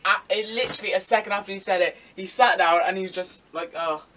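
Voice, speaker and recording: Young male co-host, high voice, teasing storyteller, distant mic with light hiss. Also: fairly even intonation, fast talker, pushed and bright. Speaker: podcast co-host. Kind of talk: casual chat. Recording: distant mic with faint background noise.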